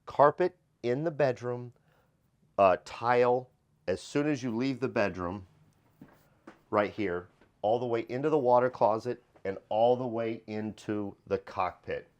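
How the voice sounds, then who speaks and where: A man's voice: mid-range voice, a little slow, darkish tone, muffled recording. A man hosting a motorhome sales show, walking through a coach inside it and praising it in an upbeat, enthusiastic way. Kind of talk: casual walkthrough tour presentation.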